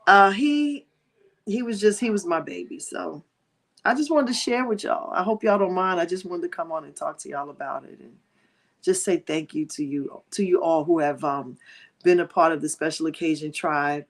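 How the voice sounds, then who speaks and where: A middle-aged woman hosting a livestream, talking to her viewers with deep emotion and prayerful gratitude, near tears in her grief. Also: normal speed. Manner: emotional, warm-hearted, prayerful, addressing viewers directly. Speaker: livestream host. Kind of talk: heartfelt livestream talk.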